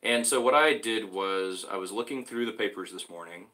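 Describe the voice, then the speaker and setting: A man with a lowish, bright and forceful voice hosts a small solo show. He reads a newspaper article aloud and keeps breaking off to comment, with halting fillers and restarts. His delivery is brisk and pushing. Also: rough recording. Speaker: host.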